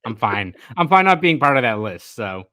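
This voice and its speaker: A man's voice: mid-range voice, very animated, moderate pace, pushed and bright, clean tone, no echo. A young man with a Boston accent co-hosting a sports podcast, thoughtful and rambling, often correcting himself mid-sentence. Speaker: sports reporter, podcast co-host. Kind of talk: casual sports podcast chat.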